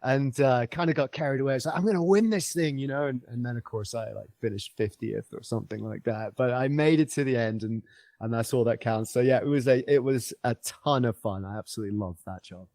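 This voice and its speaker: A man's voice: mid-range voice, brisk, darkish tone, dry recording. A man guest on a podcast interview, telling a travel story in an enthusiastic, rambling way with many fillers and restarts.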